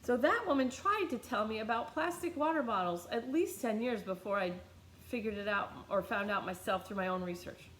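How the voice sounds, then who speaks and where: A woman's voice: a little high, fairly quick, roomy sound, a little hiss or hum. Blunt American woman telling a story. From United States. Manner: blunt, animated, swears freely. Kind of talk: casual storytelling.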